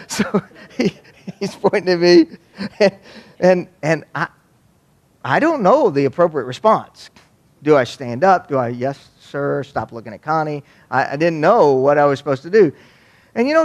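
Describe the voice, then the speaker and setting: A man's voice: on the high side, moderate pace, pauses often. A man from Waco, giving a humorous storytelling talk on youth ministry to an audience. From Waco, Texas. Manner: folksy, joking, animated.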